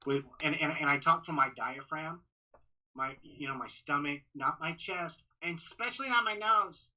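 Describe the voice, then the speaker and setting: On a podcast interview captured in low-quality audio, a man from Texas who works as a ring announcer chats informally in a fairly high voice. Excited and quick, he frequently starts over and says words twice.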